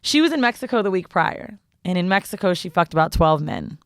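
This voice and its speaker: A woman's voice: lowish voice, fairly quick, no room sound, studio quality. A woman co-hosting a casual podcast, telling crude travel stories with lots of swearing and quoting people she met. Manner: animated storyteller, profane, quotes others in voices. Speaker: podcast co-host. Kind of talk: casual storytelling chat.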